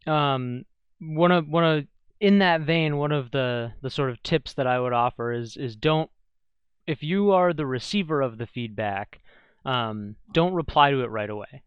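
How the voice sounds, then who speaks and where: A man with a smooth, clear voice co-hosts a casual podcast, offering reflective advice. He has a medium pitch. The recording is dry and a little dull. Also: a little slow, no echo. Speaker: psychologist and podcast co-host. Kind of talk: casual chat. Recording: dry, slightly dull lo-fi sound.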